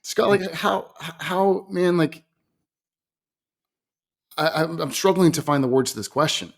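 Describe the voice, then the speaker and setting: Halting young man hosting a podcast. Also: a little high, creaky. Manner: halting, searches for words. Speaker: podcast host. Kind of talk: casual interview.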